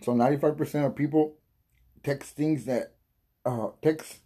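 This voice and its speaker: Husky, rambling stoned man. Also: fairly high pitch, steady tone, normal speed, dark tone. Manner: rambling, profane, loses his train of thought. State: high and coughing from smoking. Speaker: podcast host. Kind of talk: casual stoned monologue.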